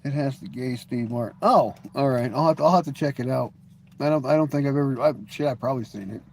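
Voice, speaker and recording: A middle-aged man with a medium-pitched, creaky, slightly mellow voice talks at a quick pace as he hosts a live stream. His casual chat with viewers wanders and jokes along, packed with restarts and "you know."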